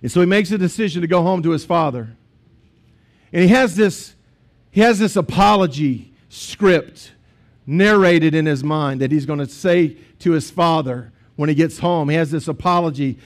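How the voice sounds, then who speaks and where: A man's voice: on the high side, normal speed. A man, a pastor preaching a sermon in a conversational storytelling way with asides to the congregation.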